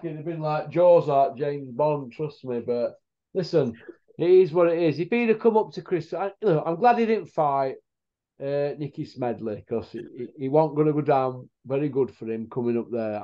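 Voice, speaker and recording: A man's voice: a little high, mellow. A man hosting a casual chat, telling rambling stories in blunt slang. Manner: rambling storyteller, blunt northern English slang. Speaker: host. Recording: dull lo-fi sound.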